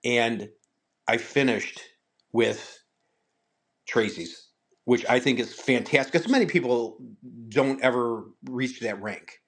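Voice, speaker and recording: A man's voice: mid-range voice, takes it slowly. An older man, a martial arts guest, telling stories in a casual interview, acting out what others said and often repeating words. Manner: animated storyteller, acts out quotes, repeats words.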